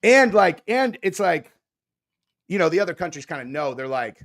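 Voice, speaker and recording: A man's voice: fairly high pitch, sing-song, normal speed, creaky, a bit bright. Profane laid-back man chatting. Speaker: podcast co-host. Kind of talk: casual chat.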